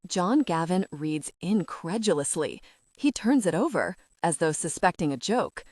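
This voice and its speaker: A woman narrating a first-person romantic comedy audiobook in an expressive way. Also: fairly low pitch, a little slow, dry recording, clean studio sound.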